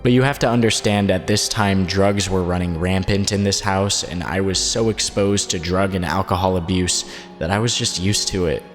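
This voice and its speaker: A man narrating a documentary, reading a first-person written statement aloud in a steady, measured way. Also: deep voice. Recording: long reverb, faint background music.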